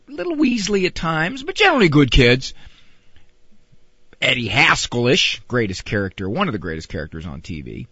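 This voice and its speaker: A middle-aged man speaks slowly in a husky, bright voice that swoops wildly up and down. He talks about parenting in a casual, drawn-out monologue. The recording is dry and a little dull. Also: sits high, dry recording.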